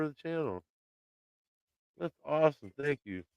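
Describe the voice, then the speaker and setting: A man's voice: deep voice, moderate pace, clean tone, dry recording. A man hosting a casual live stream from his home, telling a story in a loose, swearing way and acting out the lines of the people in it. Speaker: livestream host. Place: home, by his laundry room.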